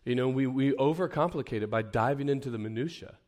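A man's voice: medium pitch, fast, a little mellow. A man leading an informal teaching session for preachers at a camp, talking conversationally with self-deprecating asides and frequent restarts. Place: camp meeting room.

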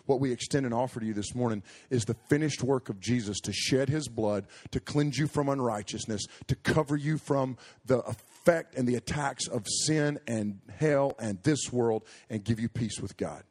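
A man's voice: mid-range voice, darkish tone, breathy edge. A male pastor delivering a sermon, speaking emphatically in rhythmic repeated phrases and addressing his listeners directly.

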